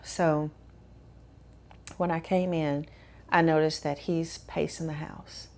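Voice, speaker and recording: A woman telling her own story in a measured, reflective way with frequent fillers. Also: low voice, flat delivery, darkish tone. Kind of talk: personal testimony.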